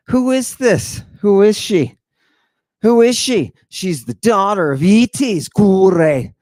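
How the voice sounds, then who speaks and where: Dramatic man lecturing slowly, dry close sound. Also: high-pitched, sing-song, no room sound. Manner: dramatic, rhetorical questions, sudden hushed drops. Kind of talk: theatrical lecture on ancient texts.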